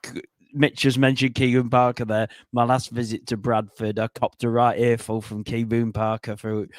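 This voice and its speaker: A man's voice: medium pitch, flat delivery, moderate pace, dry recording, studio quality. A man on a football podcast panel, jokey and telling anecdotes with gusto. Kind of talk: casual football podcast chat.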